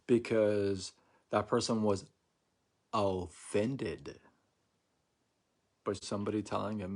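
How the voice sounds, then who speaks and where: This middle-aged man vlogs live, talking to his viewers in a chatty, repetitive way, frequently asking "right?" and performing mock quotes. His pitch is fairly low.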